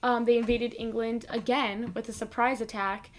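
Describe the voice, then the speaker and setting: A woman's voice: a little high, level tone, moderate pace, crowd noise. A woman co-hosting a podcast, explaining a history segment at length in a loose, informal way. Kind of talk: casual chat.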